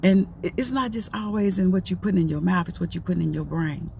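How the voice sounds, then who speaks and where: A woman's voice: fairly low pitch, fairly quick, vocal fry, darkish tone, slight background noise. A middle-aged woman giving a casual, preachy motivational talk, folksy and repetitive. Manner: folksy, preachy, repeats herself. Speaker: motivational talker.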